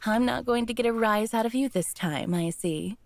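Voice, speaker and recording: A woman's voice: on the high side, moderate pace, vocal fry, no echo. A woman voicing a coy, manipulative woman who talks down to others with a magic voice. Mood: teasing. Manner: coy, purring, condescending. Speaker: voice actor reading a character.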